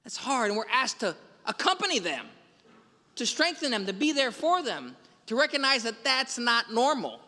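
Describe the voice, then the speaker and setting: With big swings in pitch and a moderate pace, a male priest recounts film scenes and quotes their lines during a Sunday homily. His high, bright voice reverberates at length through a large church.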